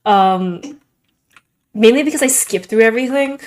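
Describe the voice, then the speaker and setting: A young adult woman with a slightly high voice chats casually at a normal speed while streaming a game. She rambles in a Valley Girl-ish way, using "like" a lot.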